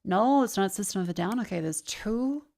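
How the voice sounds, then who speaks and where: A woman's voice: medium pitch, expressive, normal speed. Playful swearing woman streamer. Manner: chatty, playful, swears casually. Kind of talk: casual live-stream chat while playing a music quiz game.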